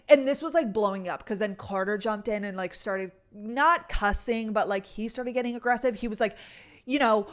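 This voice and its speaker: A woman's voice: a little high, moderate pace. A young woman vlogger telling a rambling story to her viewers, with lots of filler words and swearing. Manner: rambling, chatty, full of "like" and cursing. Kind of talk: casual storytelling to camera.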